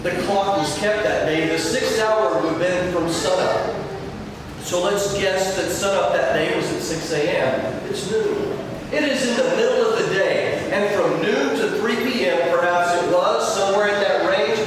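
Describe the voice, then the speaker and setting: A high-voiced man preaching a sermon in a big church hall, leaning on words with dramatic pauses. He is heard from a distance, with long reverb and a steady noise floor behind him. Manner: dramatic emphasis and pauses, earnest. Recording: echoey hall, distant mic, noisy.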